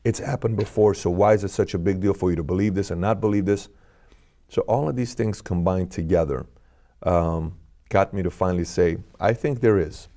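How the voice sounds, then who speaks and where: Man, army veteran, very low voice, earnest testimony, searching questions, conversational. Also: fairly quick, warm tone. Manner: conversational, with frequent "like" and "okay?". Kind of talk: personal testimony in an interview.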